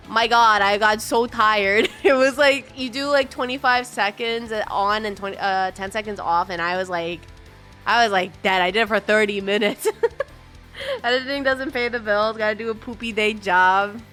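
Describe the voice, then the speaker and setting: Bright-voiced young woman streamer. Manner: bubbly, chatty, greets viewers in a high sing-song, often laughing. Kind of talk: casual live-stream chat.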